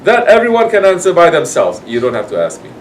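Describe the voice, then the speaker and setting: A man's voice: fairly high pitch, huge pitch swings, fast, recorded from a distance, slight background noise, low-quality recording. A man giving a sermon to his congregation, scolding and acting out people's excuses. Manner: admonishing, acts out quoted excuses. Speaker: sufi sheikh.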